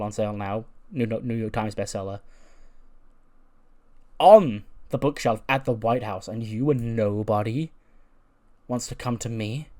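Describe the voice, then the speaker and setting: A man's voice: mid-range voice, a little mellow, close to an everyday voice. A man voicing a boastful, arrogant female wrestling star in a loosely acted game retelling. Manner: arrogant, bragging.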